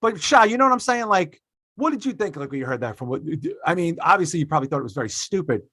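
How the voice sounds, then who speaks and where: A man's voice: fairly high pitch, animated, fast, pushed and bright, no room sound. A man hosting a podcast, ranting emphatically in casual opinionated chat and swearing freely. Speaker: podcast host.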